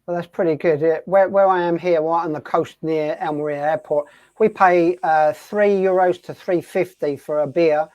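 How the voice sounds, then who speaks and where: A man hosting a radio show, asking a guest questions in an easygoing, halting way. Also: on the high side, fairly even intonation, dry recording. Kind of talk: casual interview chat. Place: home on the coast in southern Spain. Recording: dry, dull lo-fi sound.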